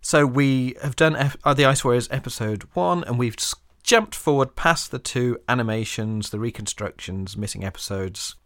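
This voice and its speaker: A man's voice: mid-range voice, moderate pace, hardly any pauses, fairly bright tone. A man co-hosting a casual chat, talking at length with fond enthusiasm. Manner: talkative, fond enthusiast, runs on. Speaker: podcast co-host.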